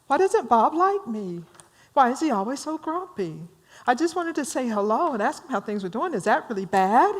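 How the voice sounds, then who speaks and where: A woman's voice: high-pitched, animated, moderate pace, pitched above the performer's own voice. A woman doing a gushing, sensitive office clerk. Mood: hurt worrying. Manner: gushing, rambling and anxious. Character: chatty, sensitive, eager-to-please male office clerk.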